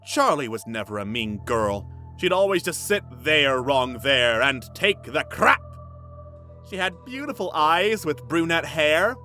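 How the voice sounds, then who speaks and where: A man's voice: a little high, big pitch swings, measured pace, sharp tone, faint music behind. A young man reading a story aloud for laughs, breaking off with dry, mocking asides. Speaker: comedic story reader. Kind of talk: sarcastic dramatic reading with commentary.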